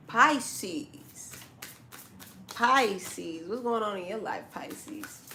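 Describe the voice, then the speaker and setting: A woman's voice: mid-range voice, fairly bright tone, a little hiss or hum. Blunt woman giving a tarot reading. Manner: blunt, scolding, talks straight to the listener; casual slang, repeats points for emphasis. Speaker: tarot reader. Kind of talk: zodiac tarot reading to camera.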